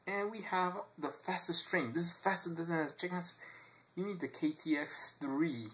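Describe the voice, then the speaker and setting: Man doing an eager male salesman, high squeaky voice, chirpy. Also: moderate pace, a bit bright, close to an everyday voice, low-quality recording. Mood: boastful. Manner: chirpy, high-pitched replies.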